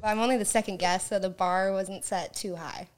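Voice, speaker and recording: A woman's voice: medium pitch, steady tone, fairly quick, very noisy. Bubbly Southern Californian young woman. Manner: bubbly, laughs often. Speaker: podcast guest. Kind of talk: casual chat.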